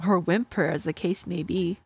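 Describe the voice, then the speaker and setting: A woman's voice: on the low side, steady tone, normal speed, slightly rough, soft background music. A woman streamer commenting live on a game, sarcastic and swearing casually.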